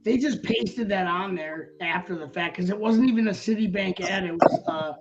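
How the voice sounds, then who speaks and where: A man's voice: high-pitched, normal speed, creaky, muffled recording, over loud music. A man teasing the host with sarcastic jokes as a live stream guest in casual chat.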